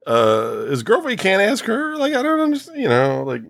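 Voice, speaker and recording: A man's voice: high-pitched, brisk, vocal fry, dry recording, studio quality. A middle-aged man co-hosting a podcast, telling stories in casual chat, swearing and laughing often. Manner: animated storyteller, swears, laughs a lot. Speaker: podcast co-host.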